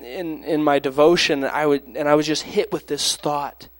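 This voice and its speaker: A man's voice: fairly high pitch, steady tone, normal speed, dry recording. A man preaching a sermon, reading scripture aloud and explaining it, sometimes dropping to a near whisper.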